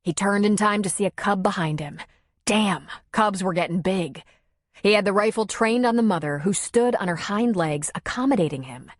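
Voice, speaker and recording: A woman narrating a romance audiobook in a steady, expressive reading. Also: medium pitch, moderate pace, no room sound. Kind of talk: scripted narration. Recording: dry close studio sound.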